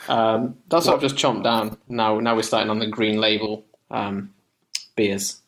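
A man's voice: on the low side, steady tone, unhurried, fairly bright tone, low-quality recording. A man co-hosting a music podcast in casual chat, chatty and self-mocking, often laughing.

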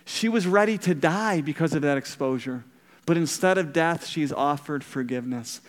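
Male pastor, sermon storyteller who questions the congregation; smooth tone, reverberant hall. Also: on the high side, normal speed.

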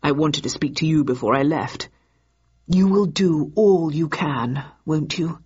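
A grave, troubled gentleman who speaks in an earnest, lowish voice, as a woman narrator puts him on. His tone is husky and plain. The recording is dull and lo-fi. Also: unhurried, full character voice.

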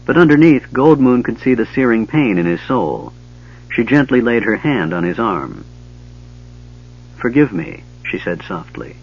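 A man reading a fantasy novel aloud as narrator, with steady storytelling, in a dull lo-fi recording. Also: on the low side, breathy edge. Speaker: audiobook narrator.

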